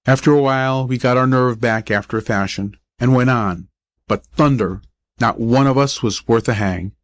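A man's voice: mid-range voice, normal speed, no echo. Man reading an audiobook story. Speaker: audiobook reader. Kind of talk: scripted first-person story narration.

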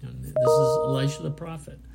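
A man's voice: mid-range voice, steady tone, normal speed, creaky, over music. A man giving a sermon, reading scripture aloud and explaining it in an earnest, plainspoken way with frequent restarts. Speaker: preacher.

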